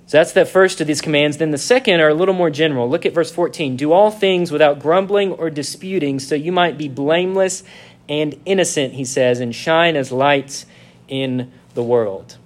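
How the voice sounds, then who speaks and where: A male pastor preaching a sermon, reading scripture slowly and leaning on key words. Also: fairly high pitch.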